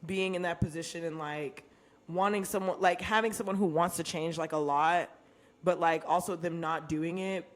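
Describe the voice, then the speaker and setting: A man's voice: a little high, fairly even intonation, normal speed, fairly bright tone. A man co-hosting a podcast, talking bluntly and swearing freely in casual chat. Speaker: podcast co-host.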